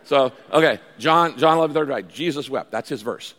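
A man preaching a sermon as a pastor, storytelling with animated delivery and acting out pleading voices. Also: medium pitch, a little fast. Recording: large hall with long reverb.

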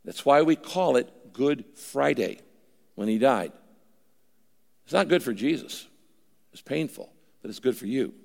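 A man's voice: medium pitch, lively intonation, measured pace, gravelly, long pauses, darkish tone, big-room sound. An older man preaching a sermon in a conversational way, at times voicing imagined listeners. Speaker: pastor.

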